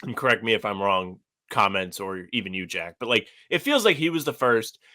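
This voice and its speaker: A young man co-hosts a podcast in casual chat, talking loosely with plenty of fillers, lots of "like," and frequent restarts. His lowish voice is animated, a little fast, with a sharp tone.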